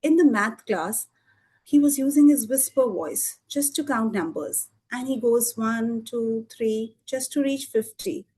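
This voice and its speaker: A woman telling a lively children's story at a storytelling evening, with expressive voices and sound effects. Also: on the high side, measured pace, slightly rough. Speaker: storytelling student. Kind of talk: live storytelling performance for children.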